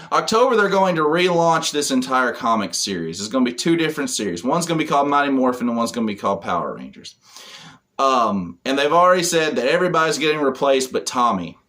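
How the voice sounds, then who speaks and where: A man's voice: medium pitch, fairly bright tone. A man giving a casual spoken comic book review, retelling the plot in a rambling way with lots of fillers.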